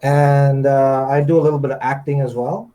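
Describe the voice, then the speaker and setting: A man in his thirties from India speaks in a mid-range, flat voice at a moderate pace, his tone dark and the audio poor. He's a debate guest on a casual livestream chat, talking hesitantly, with plenty of fillers and easy laughter.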